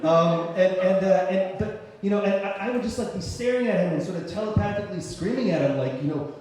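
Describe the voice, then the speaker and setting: A man tells a personal story on a stage, his voice sitting a little high for a man. He talks loosely, stumbles and restarts, and shouts out the thoughts he kept to himself. The recording is drenched in the echo of a big hall, with a faint hiss underneath. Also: brisk. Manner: conversational, many fillers and restarts, shouts his inner thoughts. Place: cultural center stage before an audience. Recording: very echoey hall, faint noise.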